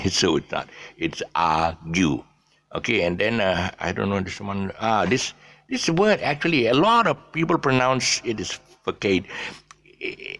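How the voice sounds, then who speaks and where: A man's voice: low voice, vocal fry, fairly bright tone. A man giving a casual English pronunciation lesson, hesitant and full of fillers, often spelling words out letter by letter.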